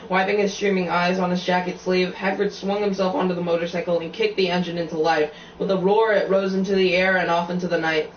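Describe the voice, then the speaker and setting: A man's voice: sits high, flat delivery, fast talker, hardly any pauses, reverberant, distant mic, highs cut off, a little hiss or hum. A man reading a novel aloud, stumbling and restarting lines often. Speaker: reader.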